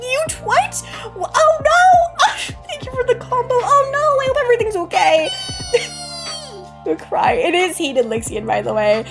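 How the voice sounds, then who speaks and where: A woman streamer chatting casually on a live stream, bubbly and giggly, greeting and thanking viewers one by one. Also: high-pitched.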